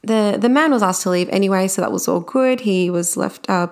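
A woman's voice: medium pitch, fairly quick, vocal fry. A young woman speaking casually and candidly about her own experience at work, with plenty of everyday fillers. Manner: chatty and candid, with frequent fillers. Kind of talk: casual personal storytelling.

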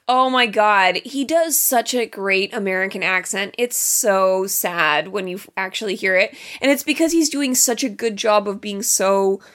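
A woman co-hosting a casual podcast about a film, talking in an enthusiastic, gushing way with quick asides. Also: mid-range voice, fairly bright tone. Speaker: podcast co-host.

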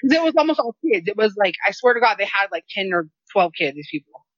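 Woman co-host, casual storyteller, expressive and profane, dry lo-fi sound. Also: mid-range voice, quick pace, no echo. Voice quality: animated, profane, exasperated. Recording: dry, slightly dull lo-fi sound.

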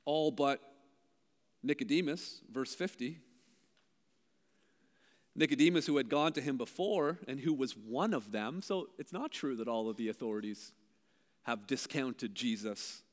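A man from Canada preaching a sermon, animated, his delivery swinging between loud, emphatic lines and hushed ones. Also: mid-range voice, a little slow, long pauses. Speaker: pastor. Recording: long hall reverb.

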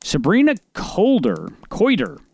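A man's voice: sits high, huge pitch swings, a little slow, gravelly, a little mellow, husky, no room sound. A man co-hosting a podcast, reading news stories aloud in casual chat, rambling with restarts and the odd swear, recorded outdoors. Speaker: podcast co-host. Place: outdoors by a forest.

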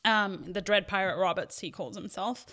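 A woman's voice: mid-range voice, moderate pace, fairly bright tone. A woman co-hosting a podcast, talking with enthusiasm and a few hesitations. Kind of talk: casual podcast chat.

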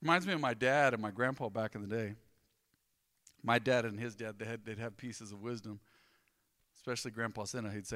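A man, a pastor preaching a sermon in a conversational, joking way with animated storytelling. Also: medium pitch, normal speed, pauses often, in a large hall.

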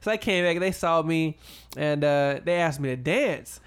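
Animated storytelling young man. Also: normal speed, clean tone. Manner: animated, acts out quotes in high voices, laughs often. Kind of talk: casual storytelling chat.

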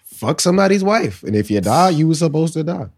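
A man's voice: fairly high pitch, big pitch swings, brisk, darkish tone. A man co-hosting a podcast, chatting casually and posing crude hypotheticals. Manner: poses hypotheticals, acts out quotes. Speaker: podcast co-host. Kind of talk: casual chat.

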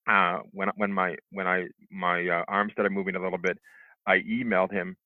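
A middle-aged man telling how he recovered from a stroke, halting, with lots of restarts and fillers. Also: low-pitched, level tone, dry recording. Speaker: stroke survivor interviewee. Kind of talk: telling his own recovery story. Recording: tinny phone line, dry.

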